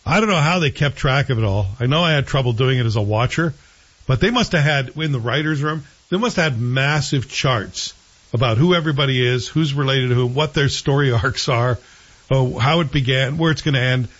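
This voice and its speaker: A man co-hosting a show in casual chat, opinionated and animated. His voice is husky, with a mid-range pitch. The sound is dull and lo-fi. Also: a little fast. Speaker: show co-host reviewing TV.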